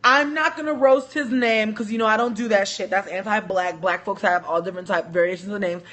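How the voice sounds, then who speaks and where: A woman telling a story on a casual livestream, animated, joking and profane. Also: medium pitch, brisk. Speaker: livestream host.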